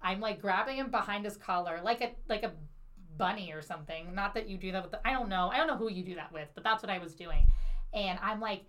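A woman's voice: medium pitch, fast talker. A young adult woman hosting a podcast, telling a comic story in casual chat, acting out what people said and laughing as she goes. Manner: animated anecdote-telling, acts out quotes, laughs mid-sentence, swears freely. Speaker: podcast host.

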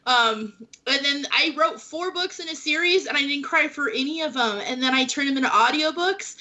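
A woman hosting a casual panel chat, an animated storyteller who acts out quotes from her writing life. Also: sits high, normal speed, rough recording. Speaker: podcast host, romance author.

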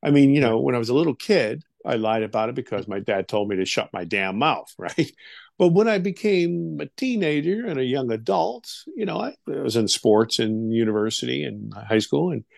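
A middle-aged man as an interview guest, telling a story with lively delivery, acting out the voices of others, with frequent fillers. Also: mid-range voice, normal speed, creaky, no echo, clean studio sound. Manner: animated, acts out quoted voices, many fillers.

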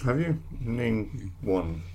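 A man's voice: medium pitch, sing-song, drawn-out words, darkish tone, a little hiss or hum. A man co-hosting a podcast in casual chat, teasing and laughing often. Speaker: podcast co-host.

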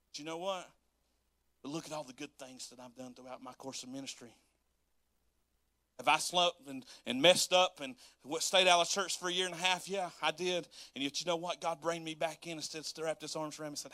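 A man preaching to his congregation in a loose, folksy way, full of laughter and acted-out quotes. His voice is bright and forceful and sits a touch high for a man. The sound is dry and close to the mic. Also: fairly quick, dry recording. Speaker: pastor. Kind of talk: sermon.

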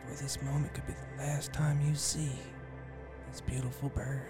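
A man leading a joking guided meditation in a soft, hushed, soothing voice. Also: mid-range voice, little pitch movement, moderate pace, loud music behind the voice. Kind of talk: mock guided meditation, comedic.

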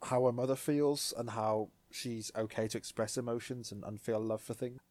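A man co-hosting a casual recap podcast, who jumps into lively character voices as he tells the story. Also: medium pitch, no room sound. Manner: animated, acts out characters in quick voices. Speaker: podcast co-host.

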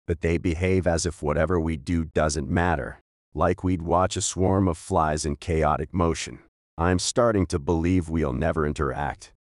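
A man doing a gentle, philosophical older man. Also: deep voice, no room sound, studio quality. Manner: measured, gentle.

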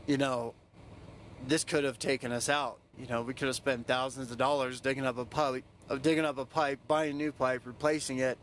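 Profane, rambling young dad telling a story. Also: male voice, medium pitch, little pitch movement, a little fast, fairly bright tone, a little hiss or hum. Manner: loose, profane, many "you know" fillers. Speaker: podcast host. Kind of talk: casual personal storytelling.

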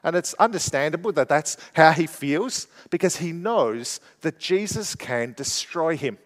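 A man preaching a sermon, explaining a scripture passage and moving between hushed and emphatic delivery. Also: a little high, long reverb tail.

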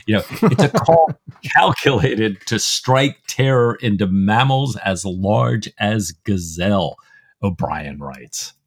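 Chuckling low-voiced man. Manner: amused, chuckling while summarizing the plot. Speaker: podcast co-host. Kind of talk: casual book discussion.

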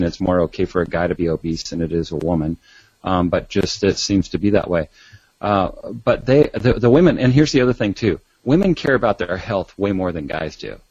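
A man with a lowish voice talks as a doctor guest on a talk show, telling stories animatedly and often restarting his sentences. The sound is dry and muffled, like lo-fi audio. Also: no room sound. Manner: animated storyteller with many restarts. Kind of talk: casual talk show interview.

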